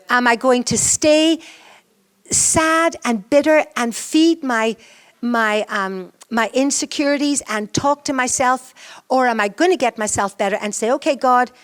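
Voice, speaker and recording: A woman's voice: fairly high pitch, a bit bright. A woman preaching a conversational sermon in church, full of rhetorical questions and plain talk to her listeners.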